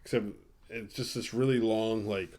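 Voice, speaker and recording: A man's voice: on the low side, steady tone, normal speed, darkish tone, a little hiss or hum. A man hosting a horror movie podcast, giving a casual, rambling, profane recap full of sarcastic asides.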